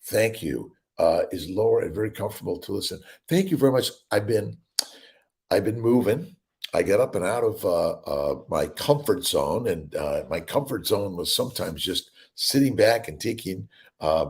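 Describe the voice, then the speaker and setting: A man's voice: low-pitched, expressive, normal speed. A middle-aged male doctor hosting a casual morning livestream, rambling and upbeat as he greets viewers by name. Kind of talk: casual livestream chat reading viewer comments.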